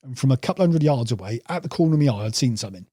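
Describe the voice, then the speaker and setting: A man's voice: medium pitch, lively intonation, racing, dark tone, slightly rough, no room sound, studio quality. A man telling rambling fishing anecdotes as a podcast guest, calling the host "mate". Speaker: podcast guest, carp angler. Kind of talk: casual storytelling interview.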